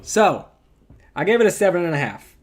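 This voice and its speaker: A man's voice: high voice, sing-song, normal speed, soft background music. A man with a rural twang chatting casually as a game streamer, rambling and correcting himself as he goes. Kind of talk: casual gameplay commentary.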